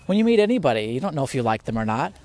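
This podcast host talks about faith very fast, his mid-range, darkish voice swinging widely in pitch. He's casual yet earnest, rambling with restarts and frequent laughter, recording at home near spiders.

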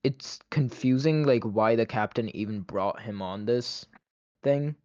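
A man's voice: medium pitch, unhurried, darkish tone, no room sound, lo-fi sound. A man in a casual movie review chat, opinionated and chatty, with a lot of "like" between his words. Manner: opinionated, chatty, many "like" fillers.

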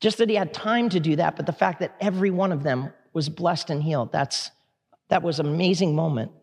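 A man preaching in a church, casual and animated, reading scripture aloud with dramatic emphasis. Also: fairly high pitch, brisk. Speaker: pastor. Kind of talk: sermon. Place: church sanctuary. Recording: echoey hall reverb.

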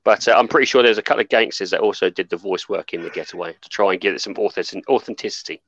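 A man's voice: lowish voice, rapid-fire, fairly bright tone. A man co-hosting a casual gaming chat, rambling and trailing off while he searches for names. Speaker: podcast co-host. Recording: dull, slightly lo-fi mic.

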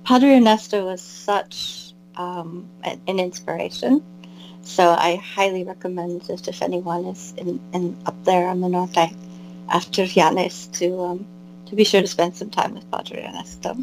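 A woman's voice: fairly low pitch, fairly even intonation, measured pace, faint music behind, low-quality recording. An American woman chatting as an interview guest, rambling with lots of fillers and restarts. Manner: warm, wandering, many fillers and restarts. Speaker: guest, pilgrim and albergue volunteer. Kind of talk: casual interview chat.

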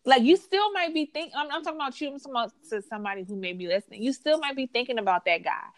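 A woman's voice: high-pitched, expressive, very fast, no echo. A woman hosting a casual chat, speaking earnestly and encouraging listeners directly. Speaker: host.

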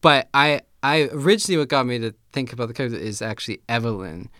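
Smooth-voiced man chatting casually. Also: medium pitch, quick pace, pushed and bright, no room sound, clean studio sound. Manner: hesitant, thinks aloud with fillers. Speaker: podcast co-host. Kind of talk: casual chat.

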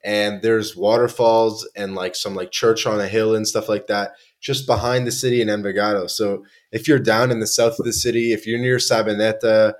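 A man's voice: fairly low pitch, level tone, moderate pace, few pauses. Laid-back young canadian guy, slangy. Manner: laid-back, slangy storytelling full of likes and restarts. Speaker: podcast guest. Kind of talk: casual chat.

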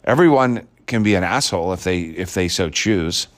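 A man's voice: low-pitched, animated, moderate pace. A man delivering a blunt, sarcastic, profane ranting monologue as a commentator.

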